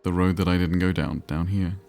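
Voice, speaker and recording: A man's voice: deep voice, fairly even intonation, fairly quick, vocal fry, darkish tone, faint music behind. A man streaming a game, chatting and rambling while reading chat aloud. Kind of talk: casual live-stream commentary.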